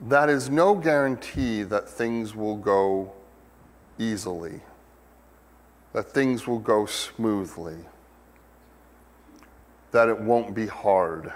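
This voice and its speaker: A man's voice: on the low side, slow pace, pauses often. A man preaching a sermon in a conversational way, with many fillers and sudden emphatic peaks. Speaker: pastor. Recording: long hall reverb.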